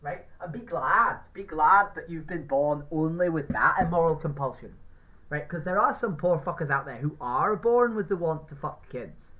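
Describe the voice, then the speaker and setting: A man's voice: a little high, animated, normal speed, pushed and bright, poor audio. A man with an Irish accent, a street activist talking someone round, emphatic and profane, who keeps asking "right?". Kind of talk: persuasive street conversation.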